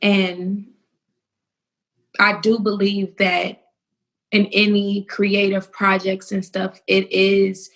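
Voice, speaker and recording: A woman's voice: medium pitch, monotone, takes it slowly, pauses often. A woman hosting a conversational interview, encouraging and affirming her guest. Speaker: host.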